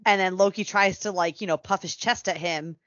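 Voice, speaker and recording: A woman's voice: on the low side, steady tone, a bit bright, no room sound. Chatty woman on a lo-fi podcast. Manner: chatty, laughs often, acts out characters in quick asides. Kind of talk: casual fan chat.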